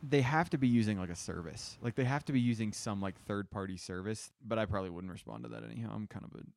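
A man's voice: fairly low pitch, fast talker, vocal fry. A man chatting casually with friends, telling stories in a rambling way and mimicking other people's voices. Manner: rambling, animated storyteller who mimics others. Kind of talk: casual chat.

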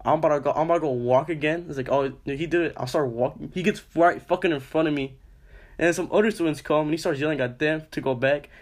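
Young male podcast co-host, slightly high voice, profane and animated storyteller. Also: fast talker. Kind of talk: casual chat, storytelling.

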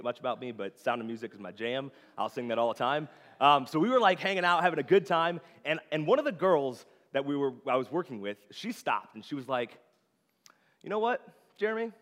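A young preacher with a medium-pitched, fairly bright voice delivers a casual, conversational sermon full of filler words. He speaks in a church sanctuary, and the recording carries a long hall reverb.

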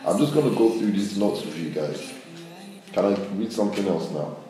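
A man's voice: low-pitched, normal speed, recorded from a distance. A man preaching a conversational sermon as a pastor, acting out quotes and talking straight to his people. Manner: conversational, animated, acts out quotes. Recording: very echoey room with music behind. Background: music.

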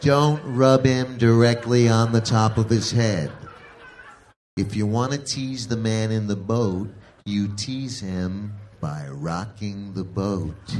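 A man voicing his wife as a frank, patient woman explaining things calmly, in a stand-up routine. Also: mid-range voice, measured pace, a little hiss or hum, natural voice. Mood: instructive.

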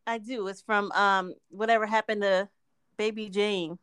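A woman's voice: medium pitch, fairly even intonation, moderate pace, fairly bright tone, smooth, no room sound. A woman co-hosting a casual chat podcast, laughing often and teasing her partner. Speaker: podcast co-host.

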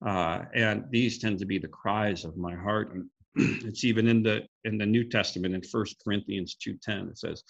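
A man's voice: fairly low pitch, fairly even intonation, normal speed, gravelly, highs cut off. A man giving an earnest, reflective devotional talk on a group call, quoting scripture with frequent restarts. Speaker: guest speaker sharing a devotional.

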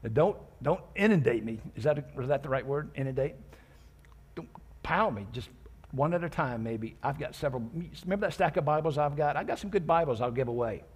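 Briskly and expressively, a pastor with a husky, somewhat breathy, medium-pitched and slightly mellow voice works through scripture verse by verse. His sermon is easygoing and conversational, sprinkled with jokes aimed at his congregation.

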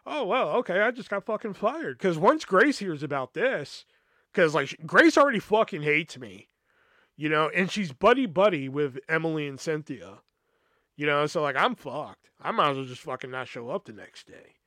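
A man's voice: fairly high pitch, very animated, moderate pace, bright, forceful tone, no echo, studio quality. A man hosting a podcast, casually telling a personal story in a rambling, profane way, full of "you know" and stammered restarts. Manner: retells past conversations with restarts and stammers.

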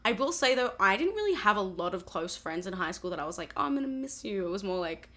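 A woman's voice: medium pitch, expressive, quick pace, pushed and bright. A young woman from Australia with an Australian accent, a guest chatting casually with lots of fillers and laughs. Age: young adult. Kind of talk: casual chat.

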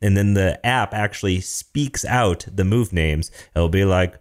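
A man in his thirties co-hosting a podcast, telling a story in a relaxed, enthusiastic way. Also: deep voice, measured pace. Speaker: podcast co-host. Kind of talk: casual tech chat.

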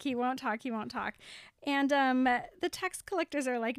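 Brief: young woman co-host, bright high voice, laughs a lot, dry close sound. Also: a little slow, smooth, dry recording. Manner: chatty, laughs often, frequent fillers. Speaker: podcast co-host. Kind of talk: casual chat.

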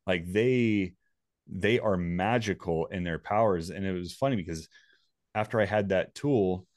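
A man's voice: low-pitched, measured pace, a little mellow, no room sound, studio quality. A man casually telling a personal story, rambling and swearing freely.

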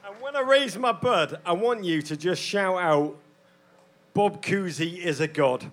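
A man's voice: high-pitched, animated, unhurried. An English man in his forties co-hosting a podcast on stage in front of a live audience, theatrical and self-mocking. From England. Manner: theatrical, mock-grandiose, self-deprecating. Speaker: podcast co-host.

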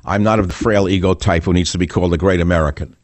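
A man's voice: deep voice, steady tone, quick pace, no room sound. An older man hosting a political talk radio show, combative and sarcastic, firing off rhetorical questions.

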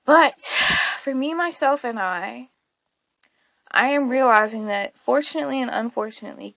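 A woman's voice: a little high, lively intonation, normal speed, vocal fry, a bit bright, no room sound. A woman hosting a casual solo podcast, talking candidly and rambling, often laughing and swearing along the way. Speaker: podcast host.

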